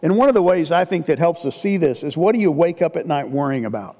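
A man in his sixties preaching a sermon in a relaxed, conversational way, often asking the congregation rhetorical questions and slipping in folksy jokes. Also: on the high side, fast. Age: 60s. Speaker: pastor. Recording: long hall reverb.

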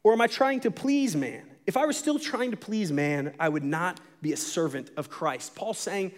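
High-voiced lively young pastor. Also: male voice, moderate pace, few pauses. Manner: lively, conversational preaching with dramatic emphasis. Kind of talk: sermon.

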